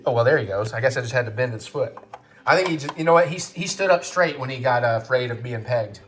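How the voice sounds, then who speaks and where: A man hosting a home vlog, joking and thinking out loud while he puts a toy together. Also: mid-range voice, animated, fast talker, faint music behind. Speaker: vlog host. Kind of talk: casual chat while assembling a toy set.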